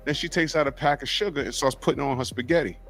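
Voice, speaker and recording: A middle-aged man, hosting a podcast and telling a story in an animated, profane way. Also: on the high side, very fast, over music. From New York. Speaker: podcast host. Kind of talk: casual chat.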